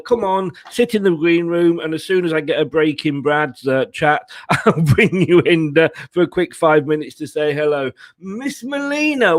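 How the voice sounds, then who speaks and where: A man hosting a football fan channel's live stream, casual and chatty, laughing often as he talks. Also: high-pitched.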